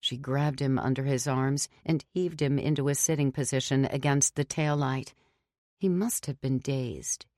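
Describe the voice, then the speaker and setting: A woman narrating a horror audiobook in a steady, measured reading. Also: very deep voice, no room sound, studio quality.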